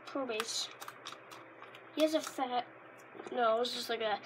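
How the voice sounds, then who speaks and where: A woman rambling casually in a vlog, easily delighted and bursting into loud exclamations. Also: on the high side, slow pace, long pauses, slight background noise. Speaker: Pokémon card reviewer. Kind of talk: casual unscripted vlog chat.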